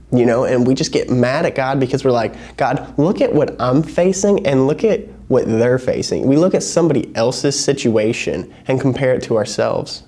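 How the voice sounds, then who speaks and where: A young man preaching to a youth group in a casual, storytelling way, acting out the people in his stories. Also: medium pitch. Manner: casual, animated storytelling with acted-out quotes. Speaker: youth pastor. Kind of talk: sermon.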